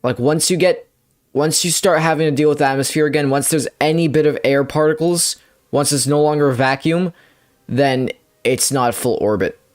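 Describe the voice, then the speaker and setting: A young man giving rambling, playful gameplay commentary, with bursts of excitement when things go his way. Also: fairly high pitch, moderate pace. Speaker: gamer.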